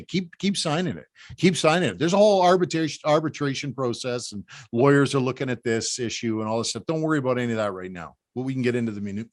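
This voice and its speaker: Canadian guy giving a fired-up political briefing, keeps repeating himself, pushy and urgent. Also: medium pitch. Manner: emphatic, repetitive, urging. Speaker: political organizer. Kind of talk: rallying briefing talk.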